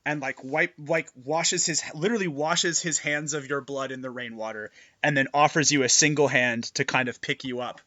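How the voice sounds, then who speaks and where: Bright, excitable male game master. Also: mid-range voice, moderate pace. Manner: excitable, gushing, many fillers. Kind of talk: narrating a tabletop game.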